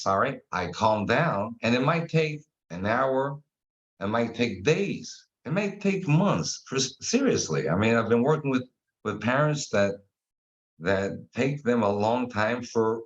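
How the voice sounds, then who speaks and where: Animated man telling stories, lo-fi. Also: mid-range voice. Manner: animated storyteller, acts out quotes. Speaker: guest. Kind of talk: casual explanatory chat. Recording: dull lo-fi sound.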